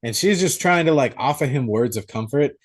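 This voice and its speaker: A young man co-hosting a podcast, recapping a horror movie in a profane, animated way. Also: mid-range voice, a little fast. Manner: profane, animated storytelling with acted-out quotes. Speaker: podcast co-host. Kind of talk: casual movie recap chat.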